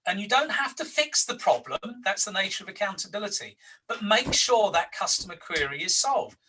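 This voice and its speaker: A man's voice: high voice, big pitch swings, moderate pace, pushed and bright, far from the mic, a little hiss or hum, low-quality recording. A man in his sixties coaching an HR group, making his points through anecdotes and stressing them by repeating his words. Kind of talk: workshop facilitation with anecdotes.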